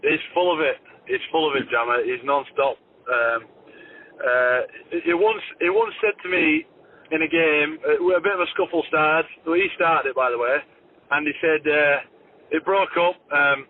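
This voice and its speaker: A man's voice: on the high side, moderate pace. Man on a tinny phone line. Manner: chatty storyteller with frequent fillers. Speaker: rugby league player guest. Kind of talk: phone-in radio interview, telling anecdotes.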